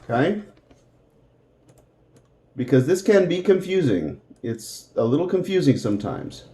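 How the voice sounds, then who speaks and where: A man teaching an English lesson, slowly repeating words for pronunciation and adding Spanish translations. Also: on the high side, big pitch swings, warm tone. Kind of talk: slow, deliberate English lesson.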